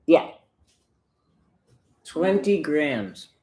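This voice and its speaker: A man's voice: a little high, very animated, extremely slow, darkish tone. A man from the United States hosting a casual livestream, chatting and laughing while he brews coffee. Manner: chatty, self-deprecating, laughs often. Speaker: livestream host.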